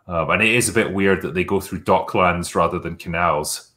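A man's voice: deep voice, normal speed, bright, forceful tone. A man chatting casually about a film, rambling with lots of fillers and laughing often.

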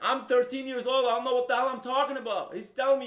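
A middle-aged software company owner from the Middle East, a native Arabic speaker, rants passionately and quickly to camera without a script, in a level tone. He repeats himself and alternates between loud and low in an echoey room.

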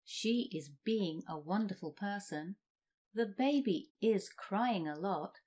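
Slow, deliberate woman teaching. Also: mid-range voice, expressive, dark tone. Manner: reads example sentences slowly and deliberately. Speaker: English teacher. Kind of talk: slow scripted grammar lesson.

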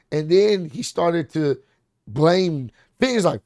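A man giving a casual, excited recap of a wrestling show, rambling with fillers and restarts. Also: on the high side, slow, no echo, studio quality.

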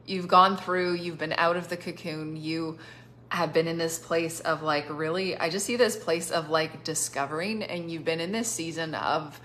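Low-pitched and a bit bright, this prophetic minister speaks at a moderate pace, a little hiss or hum behind her. Though she has a cough and is on cough syrup, she chats warmly on a live stream, sharing impromptu prophecies, laughing frequently and leaning on "like."

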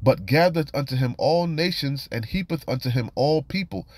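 A man with an animated, medium-pitched, slightly mellow voice teaches scripture informally at normal speed in a dry recording. His study is casual but admonishing, a warning peppered with repeated "you know" and "man".

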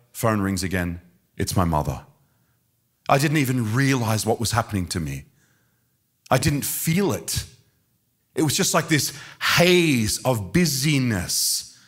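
Higher-pitched man preaching, crisp and bright, passionate storyteller. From Australia. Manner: impassioned storytelling, swinging between quiet and loud. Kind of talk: sermon.

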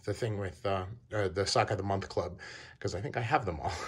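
A man with a lowish voice talks casually to camera about his collection. He speaks haltingly, stopping and restarting his sentences often. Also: slightly rough. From Wisconsin. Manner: halting, many fillers and restarts. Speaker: shoe collector vlogger. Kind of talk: casual show-and-tell.

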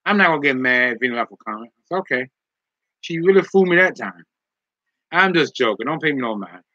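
Casual male streamer reading chat; teasing, laughs a lot; sharp tense tone on a dull lo-fi mic. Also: medium pitch, lively intonation, brisk, no echo. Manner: teasing, joking, laughs often.

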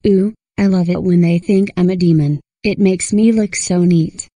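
Woman reader voicing a vain goat creature, low and mellow, showy. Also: steady tone, moderate pace, dry recording, natural voice. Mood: gleeful. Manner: theatrical, pleased with himself. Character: smug male goat-headed forest creature.

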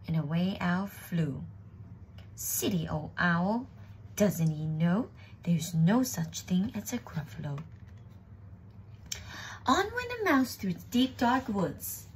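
A woman reading a children's story aloud in a hushed, expressive way, with some passages whispered. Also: lowish voice, slow, pauses often, slightly rough.

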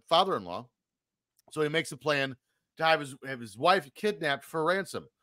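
A man's voice: on the high side, a bit bright, no room sound. A man co-hosting a podcast, reading movie facts and cracking dry jokes in casual chat. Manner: dry, wisecracking. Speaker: podcast co-host.

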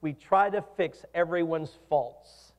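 A middle-aged man preaching a sermon as pastor, animated and putting questions to his congregation. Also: on the high side, slow. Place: church hall. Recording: reverberant hall.

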